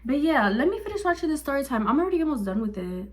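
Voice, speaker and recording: A woman's voice: sits high, sing-song, racing, very noisy. Young woman vlogging casually from her bedroom. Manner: loose, profane, chatty. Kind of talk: casual get-ready-with-me chat.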